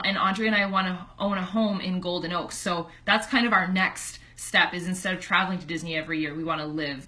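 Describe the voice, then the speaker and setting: A young woman talks to her webcam from home in a chatty, heartfelt way, full of "like" fillers. Her voice is bright and forward, set a touch low for a woman. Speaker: online fitness coach. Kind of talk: casual personal storytelling to camera. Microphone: computer webcam.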